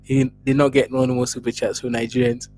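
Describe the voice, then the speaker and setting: A man's voice: mid-range voice, little pitch movement, fairly quick, darkish tone, soft background music. East African man hosting a teasing livestream. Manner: laughing, teasing, talks straight to chatters. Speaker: livestream host. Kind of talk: casual livestream chat reading viewer messages.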